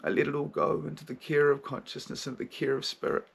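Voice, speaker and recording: A man's voice: mid-range voice, fast talker, creaky, slightly rough, pitched above the performer's own voice. A man voicing a frightened, clinging inner child part of himself, stammering and pleading. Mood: tender, remorseful.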